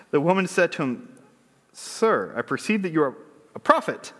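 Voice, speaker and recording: A man with a high voice delivers a sermon, moving between scripture reading and chatty, question-filled commentary. His voice rings out with a long reverb tail from a big hall. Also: sing-song, unhurried, pauses often, fairly bright tone. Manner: conversational preaching with rhetorical questions; reads scripture aloud then riffs on it. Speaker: pastor.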